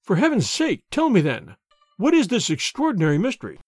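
A man's voice: high-pitched, wildly swooping pitch, fairly quick, darkish tone, dry recording, studio quality, pitched above the performer's own voice, full character voice. A man voicing a frantic older banker. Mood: anxious. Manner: agitated, exclamatory pleading. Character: distraught older male banker, excitable, anguished. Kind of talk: audiobook character reading.

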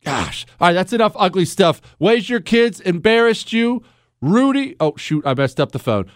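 A man hosting a call-in radio talk show, sarcastic and quick to laugh. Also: high voice, big pitch swings, no echo, studio quality.

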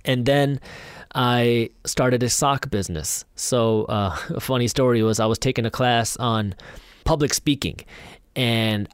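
A man's voice: medium pitch, a little slow, smooth, no room sound, studio quality. A young man, a podcast guest, telling stories in a casual interview and acting out his own past thoughts. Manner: animated, acts out his own past thoughts and quoted voices.

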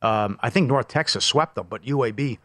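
A man co-hosting a sports betting show from a casino studio, brisk and opinionated, rattling off records and stats. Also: medium pitch, bright, forceful tone, no echo. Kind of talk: casual sports talk.

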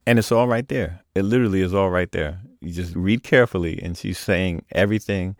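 A man hosting an interview, reflecting thoughtfully in a measured way. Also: sits low, no echo, studio quality. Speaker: podcast host. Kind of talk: conversational interview.

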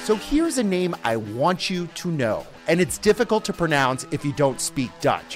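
Lively, playful male podcast host. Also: mid-range voice, normal speed, hardly any pauses, soft background music. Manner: conversational, playful asides. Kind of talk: scripted podcast opening monologue.

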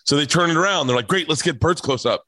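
A man's voice: fairly high pitch, fast talker, bright, forceful tone, dry recording. Middle-aged man, loose profane storyteller, emotional, dry close mic. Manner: rambling, profane, gets emotional and choked up. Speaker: comedian guest on a podcast. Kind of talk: casual storytelling chat.

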